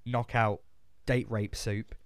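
A man's voice: fairly low pitch, no room sound, studio quality. A man, recapping a film in casual chat with a co-host, swearing often and acting out characters. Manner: sweary, animated, acts out characters in quick asides. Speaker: podcast co-host.

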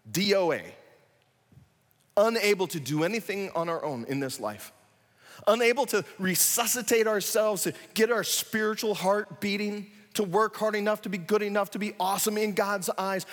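A man preaching a sermon, animated, acting out scenes with sudden loud excited bursts. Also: high voice, measured pace, pauses often, in a large hall. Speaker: pastor.

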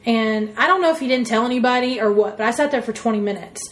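A woman's voice: a little high, quick pace. A woman telling a personal story in casual conversation, rambling with lots of fillers and acting out what people said. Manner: rambling, full of "like" and "you know", acts out quotes. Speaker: interviewee.

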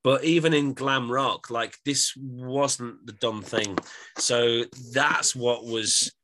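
A man's voice: medium pitch, slow pace, slight background noise. A man co-hosting a music podcast, talking in a chatty, wry way and reviewing an album. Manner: chatty, wry, drifts into sung quotes. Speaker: podcast co-host. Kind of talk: casual music review chat.

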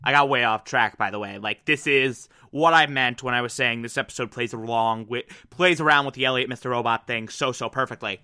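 A man giving a casual, excitable episode recap, with lots of "like" and "uh" and some swearing. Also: mid-range voice, a little fast, hardly any pauses, clean tone. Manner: excitable, profane, filler-heavy.

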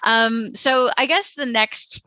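A woman's voice: fairly high pitch, takes it slowly, sharp tone, no room sound, low-quality recording. A woman from Texas co-hosting a podcast, chatting casually with lots of "like"s and "you know"s and jokey asides. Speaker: podcast co-host.

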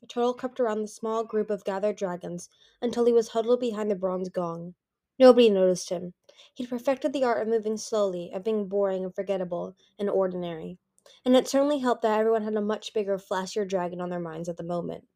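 A woman reading a fantasy novel aloud at a steady pace. She tells the story plainly, with occasional restarts, in an amateur audiobook style. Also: mid-range voice, a little fast. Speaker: audiobook reader.

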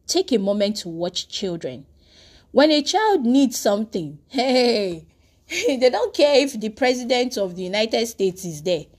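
Warm husky woman preaching. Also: mid-range voice. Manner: earnest storytelling with frequent restarts. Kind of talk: devotional podcast sermon.

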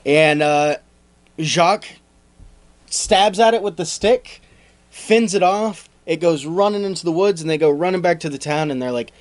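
High-voiced male storyteller, breezy. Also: moderate pace. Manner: breezy, joking narration. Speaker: podcast co-host telling the story. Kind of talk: casual comedic storytelling.

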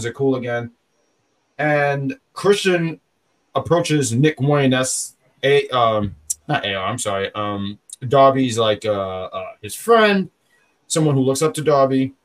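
A man's voice: mid-range voice, lively intonation, a little slow. A man hosting a podcast in casual, rambling chat, often stopping to correct himself. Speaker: podcast host.

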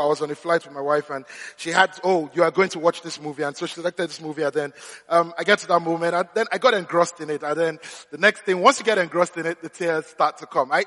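A man's voice: fairly high pitch, a bit bright, in a large hall. A man preaching a sermon, telling humorous, self-deprecating stories. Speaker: pastor.

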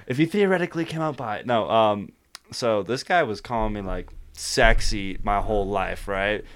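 A man's voice: on the low side, normal speed, a little hiss or hum. A young man hosting a podcast, telling stories in a casual chat with lots of fillers and laughter. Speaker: podcast host.

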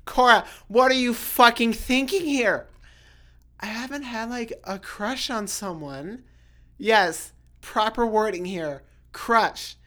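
Her voice fairly high and bright, a young solo podcast host speaks slowly and casually. Her chatter rambles, she swears freely, and she keeps breaking in on herself with restarts and lots of "like."

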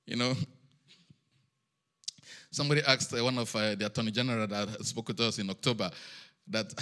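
A man with a foreign accent preaching a sermon in a sing-song cadence, repeating phrases and rising to shouted peaks. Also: fairly low pitch, steady tone, normal speed, long pauses. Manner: foreign accent of his own.

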